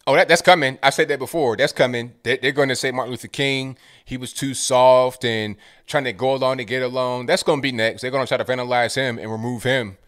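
A man's voice: medium pitch, steady tone, fast, few pauses, a bit bright. A man co-hosting a casual political chat, laid-back and agreeable, often repeating his words as he starts a sentence. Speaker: co-host.

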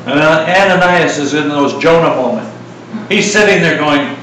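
Middle-aged preacher in an echoey hall. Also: male voice, on the high side, moderate pace, far from the mic, slight background noise. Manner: conversational, joking asides, animated retelling. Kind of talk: sermon.

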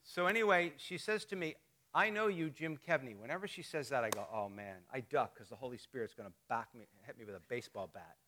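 A middle-aged pastor with a medium-pitched, bright, forceful voice speaks briskly in a church sanctuary. He's preaching a sermon, telling stories in a conversational style. Along the way he jokes with the congregation.

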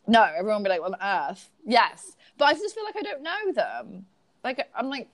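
A woman's voice: a little high, huge pitch swings, normal speed, no echo. A woman co-hosting a podcast, chatting casually with lots of "like" and frequent giggles. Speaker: podcast co-host. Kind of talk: casual chat.

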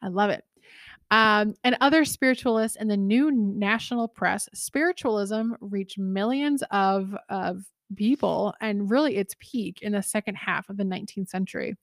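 A young adult woman co-hosting a podcast in casual chat, lively, laughing easily and often correcting herself mid-sentence. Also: medium pitch, moderate pace, dry recording, clean studio sound. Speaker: podcast co-host.

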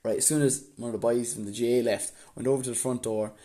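A man's voice: mid-range voice, steady tone, quick pace, warm tone. A young man from Waterford with an Irish accent, casually telling a story to the camera and often breaking into laughter. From Ireland.

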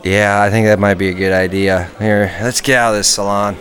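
A man's voice: on the low side, little pitch movement, fairly quick, fairly bright tone. A young man improvising comedy role-play in a goofy, rambling way.

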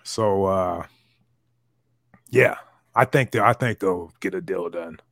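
A man with a fairly low voice banters through a casual podcast conversation. He jokes loosely and swears freely. The sound is dry and close, with no room around it. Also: slow, a bit bright, dry recording. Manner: loose, joking, profane banter. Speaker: podcast host. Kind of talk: casual chat.

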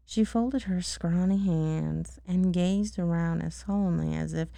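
A woman's voice: fairly low pitch, unhurried, gravelly, hardly any pauses, warm tone, no echo, studio quality. A woman casually reading a storybook aloud, stopping to check words and laugh at her own slips. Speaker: bedtime story reader.

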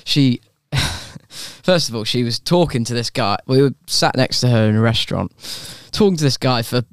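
A man's voice: mid-range voice, expressive, moderate pace, smooth, no echo, studio quality. A young English man co-hosting a podcast, telling mocking stories in casual chat and laughing often. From England. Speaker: podcast co-host.

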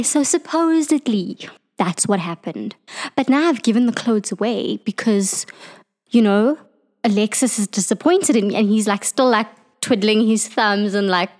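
A woman's voice: mid-range voice, darkish tone. A woman player casually describing her character's actions in a tabletop game. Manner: casual, filler-heavy. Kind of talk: casual tabletop role-play.

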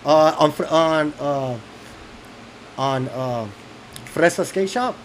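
Slangy, relaxed man in casual chat. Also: fairly high pitch, slow pace, slight background noise, rough recording. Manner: relaxed, profane, loose street slang.

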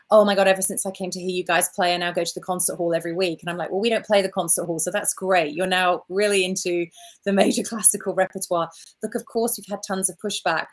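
An Australian woman with a fairly low voice tells stories in a lively interview. She acts out the quotes as she talks and keeps filling her answers with "look" and "you know". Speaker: orchestra founder, guest.

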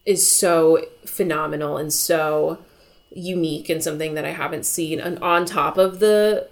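A young woman co-hosting a relaxed film podcast, her voice sitting a bit low with a gravelly, creaky edge. She rambles, stacks up fillers and lets her sentences trail off as she chats. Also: moderate pace. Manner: rambling, filler-heavy, acts out scenes in voices. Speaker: podcast co-host. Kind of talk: casual film review chat.

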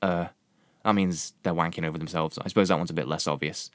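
A man reading out his comic film review, sardonic and sweary with a deadpan delivery. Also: low-pitched, fast, no echo, studio quality. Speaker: podcast host and film reviewer. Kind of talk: comedic film review monologue.

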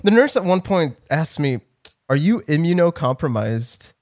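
A man's voice: on the high side, sing-song, normal speed, a little mellow. A young man co-hosting a podcast, telling a rambling story in casual chat, swearing and laughing often. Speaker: podcast co-host.

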